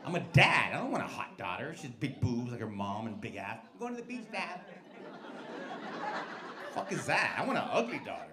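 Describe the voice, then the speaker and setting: A man's voice: mid-range voice, sing-song, quick pace, few pauses. A man in his forties doing stand-up crowd work on a comedy club stage, brash and profane as he teases the audience. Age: 40s. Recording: echoey club with crowd noise. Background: laughing club audience.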